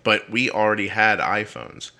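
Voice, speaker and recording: A man's voice: fairly low pitch, normal speed, sharp tone. A middle-aged man hosting a podcast in casual conversation, blunt, joking and emphatic. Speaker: podcast host.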